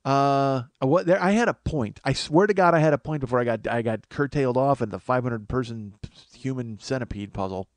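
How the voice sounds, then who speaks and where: A man's voice: medium pitch, fairly quick, hardly any pauses, dry recording. A man hosting a comedy podcast alone, rambling in a self-mocking way, losing his train of thought and sounding tired from lack of sleep. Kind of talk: rambling solo comedy monologue.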